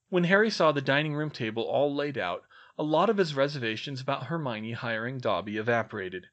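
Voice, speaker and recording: A man reading a story aloud in a lively, expressive way. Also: mid-range voice, brisk, few pauses, muffled recording. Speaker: reader. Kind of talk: audiobook narration.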